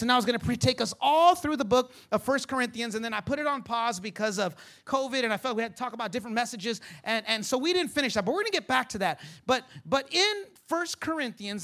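Animated pastor with a high, bright voice. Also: male voice. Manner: animated storytelling with repeated words and playful asides. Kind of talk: sermon.

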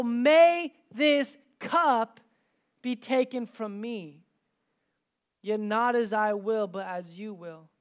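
A preacher delivers a sermon with scripture read aloud. The delivery is dramatic, building to loud, emphatic stretches and then dropping to a quiet hush. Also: high-pitched.

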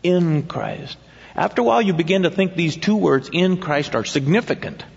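A man's voice: high-pitched, big pitch swings, normal speed, gravelly, darkish tone. A man preaching a sermon in a conversational way, often putting questions to his listeners. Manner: conversational, asks the congregation questions. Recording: dull sound with long hall reverb.

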